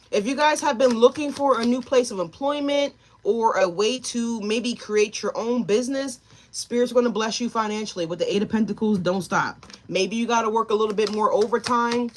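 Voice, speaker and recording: A woman's voice: a little high, normal speed, a little hiss or hum. A woman giving a live tarot reading, talking straight to her viewers and chat, emotional and tearful at times. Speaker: tarot reader.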